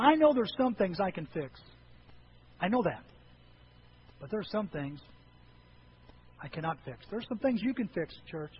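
A man preaching a sermon to his church, swinging between hushed asides and loud, animated outbursts. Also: on the high side, muffled recording, slight background noise. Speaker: pastor.

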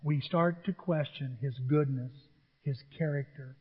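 A pastor with a high, husky voice preaches with animated storytelling and acts out the voices of the people in his stories. Long reverb from a large hall and dull, muffled audio surround him. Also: unhurried. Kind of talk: sermon.

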